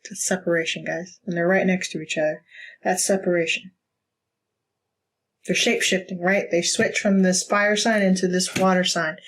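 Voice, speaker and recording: A woman's voice: lowish voice, flat delivery, moderate pace, low-quality recording. A woman giving a casual tarot reading, blunt and profane, laughing often. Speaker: tarot reader.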